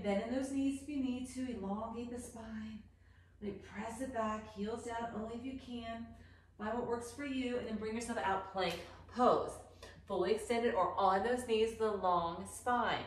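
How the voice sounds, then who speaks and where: A woman leading a yoga class, calmly cueing poses, counting holds and reminding the class to breathe. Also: a little high. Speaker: yoga instructor. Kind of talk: guided yoga class instruction. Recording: very echoey room, voice from a distance with faint noise.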